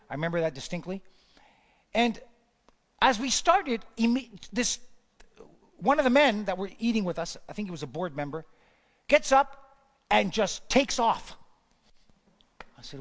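A man's voice: sits high, fairly bright tone, big-room sound. A male pastor preaching a sermon, repeating lines for emphasis and building to fervent peaks.

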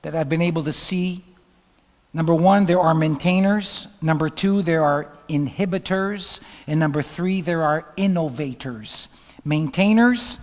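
A man preaching a sermon as pastor, telling stories dramatically and swinging from loud bursts to whispers. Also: fairly high pitch, long reverb tail.

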